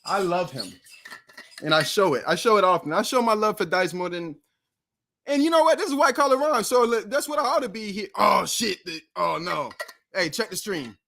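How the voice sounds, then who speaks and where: A man's voice: high voice, animated, moderate pace, vocal fry, pushed and bright, a little hiss or hum. A man hosting a casual music livestream, talking in a loose, rambling way with swearing and frequent self-corrections. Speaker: streaming show host and rapper.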